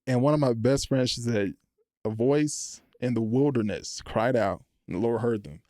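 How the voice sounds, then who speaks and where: Earnest young man, mellow voice. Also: medium pitch, normal speed, dry recording, clean studio sound. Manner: earnest, animated when retelling, lively storytelling. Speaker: podcast guest, college football player. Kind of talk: casual faith testimony. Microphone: podcast microphone.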